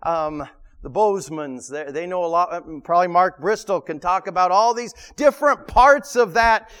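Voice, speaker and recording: A man's voice: high voice, moderate pace, fairly bright tone, clear, resonant tone, in a large hall. A man preaching a sermon to his congregation, emphatic, often repeating words and asking the room questions. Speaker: pastor. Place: church sanctuary.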